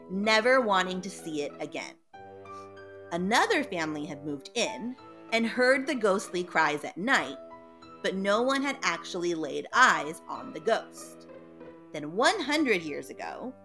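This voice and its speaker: A woman's voice: medium pitch, fairly bright tone. A woman reading a ghost story aloud in a dramatic, playful way.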